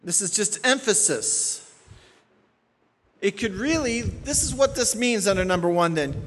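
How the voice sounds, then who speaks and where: Male pastor, sermon, emphatic, repeats phrases, slightly high voice, echoing hall. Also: lively intonation, a little slow, fairly bright tone. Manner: emphatic, repeats key phrases, checks in with the congregation. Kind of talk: expository sermon teaching.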